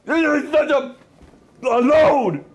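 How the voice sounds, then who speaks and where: A man's voice: very high-pitched, vocal fry, slight background noise, heavily acted, rough recording. A man playing a melodramatic, lonely young man who whines and shrieks through theatrical rants in a comedy sketch. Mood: mopey.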